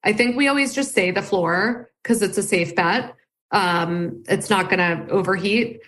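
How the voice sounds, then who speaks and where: A woman's voice: medium pitch, unhurried. Woman company founder, interview guest, laid-back conversational delivery. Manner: relaxed, easygoing, with frequent "um" and "like".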